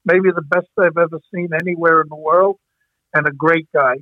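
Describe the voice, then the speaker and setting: A man's voice: on the high side, fairly even intonation, moderate pace, no room sound. An older man from Brooklyn, telling stories from his coaching days in a rambling way, often stopping and restarting. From Brooklyn, New York. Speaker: hockey coach. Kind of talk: reminiscing storytelling. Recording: tinny phone-like dry sound.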